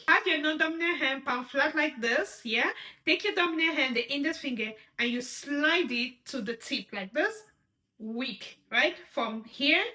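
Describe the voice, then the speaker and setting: A woman's voice: high voice, bright, forceful tone. A woman teaching sign language step by step, patiently repeating each word and checking in with her viewers. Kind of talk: step-by-step instruction.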